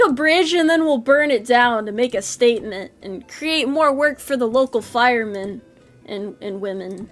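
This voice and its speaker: A woman's voice: fairly high pitch, expressive, moderate pace, faint music behind. A woman streaming a game, chatting casually with rambling self-deprecating jokes and nervous laughs. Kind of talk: casual game livestream chat.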